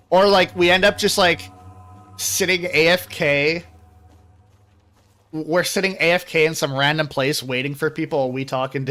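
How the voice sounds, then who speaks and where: A man's voice: on the high side, fairly bright tone. Rambling male game streamer. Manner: rambling, self-deprecating, swears freely. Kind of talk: casual chat.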